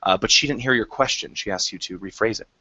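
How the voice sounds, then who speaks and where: Low-voiced game master, dry lo-fi sound. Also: male voice, pushed and bright, dry recording. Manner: descriptive, halting with fillers. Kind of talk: narrating a tabletop game.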